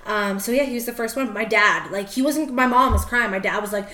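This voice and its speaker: A woman co-hosting a podcast in casual chat, telling animated stories, laughing often and acting out her father's gruff replies. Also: medium pitch, a little fast, roomy sound. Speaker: podcast co-host. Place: podcast studio.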